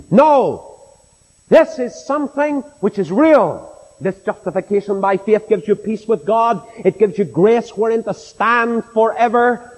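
A middle-aged man with a Northern Irish accent preaching a sermon in a church, impassioned and rhetorical, mimicking his doubters. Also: high-pitched. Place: church with a long reverb. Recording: reverberant church hall.

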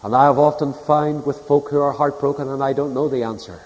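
Male preacher, earnest storyteller, warm mellow voice, long echo of a church hall. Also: mid-range voice, steady tone, a little fast, few pauses. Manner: earnest, storytelling, shifts between loud emphasis and soft hush. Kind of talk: sermon.

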